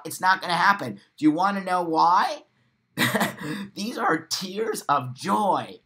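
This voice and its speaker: A man's voice: fairly high pitch, bright, forceful tone, low-quality recording. An impassioned man hosts a live morning stream and speaks directly to his audience. He talks bluntly and emphatically, with free swearing and repeated lines for stress. He breaks into laughter between points. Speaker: host of a live morning show. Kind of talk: impassioned livestream monologue.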